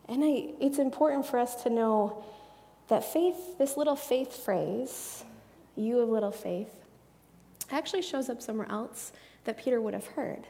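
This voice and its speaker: A woman with a slightly high voice at normal speed gives conversational Bible teaching, earnest and chatty, sometimes dropping into soft hushed asides. A long echoing reverb surrounds her voice.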